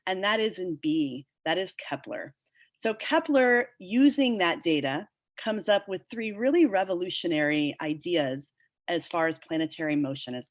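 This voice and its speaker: A woman teaching a history lesson, explaining a document section by section. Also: on the low side. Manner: explanatory, walks through a document. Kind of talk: lesson on a recorded webinar.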